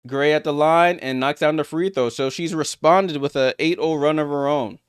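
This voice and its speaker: A man giving live play-by-play of a basketball game as a streamer, getting louder on big plays and greeting viewers in the chat. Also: fairly even intonation, normal speed, clear, resonant tone, dry recording, clean studio sound. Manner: rises sharply in pitch and volume on big plays.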